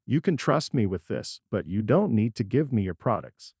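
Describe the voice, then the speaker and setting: A man's voice: on the low side, big pitch swings, moderate pace, darkish tone, husky, no echo, studio quality, heavily acted. A man voicing an arrogant, mocking male movie star who orders people around in a sneering, commanding way.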